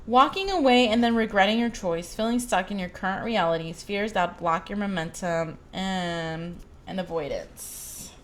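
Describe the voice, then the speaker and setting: A woman's voice: medium pitch, normal speed, few pauses. A young adult woman giving a tarot reading to her viewers, talking in a rambling, emotional, confiding way. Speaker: tarot reader. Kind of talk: casual tarot reading monologue.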